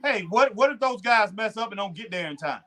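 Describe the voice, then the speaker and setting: A middle-aged man with a high voice chats casually about wrestling as a co-host. He talks in an animated, drawling way and keeps acting out wrestlers in asides. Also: brisk. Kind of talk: casual chat.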